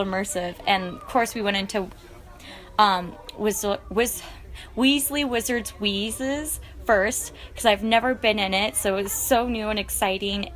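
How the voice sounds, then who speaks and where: A woman's voice: medium pitch, fairly bright tone. A young woman vlogger narrating her travel footage in a chatty, gushing way, full of fillers. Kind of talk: casual vlog voice-over.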